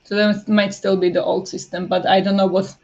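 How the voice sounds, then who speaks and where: A woman's voice: mid-range voice, little pitch movement, a little fast. A woman from Slovakia, chatting casually with live viewers during a reading stream, rambling with lots of fillers. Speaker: streamer hosting reading sprints. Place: home. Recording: dull lo-fi sound.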